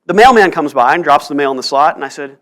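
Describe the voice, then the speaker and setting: A man's voice: a little high, expressive, fast, a bit bright. A male pastor preaching a sermon in church, telling stories earnestly and pressing rhetorical questions. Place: church sanctuary.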